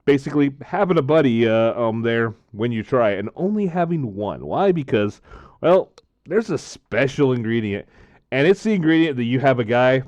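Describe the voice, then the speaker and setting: A man chatting casually to camera while tasting drinks, rambling, repeating himself and filling pauses with frequent "uh, um" sounds. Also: medium pitch, a little mellow, no room sound, lo-fi sound.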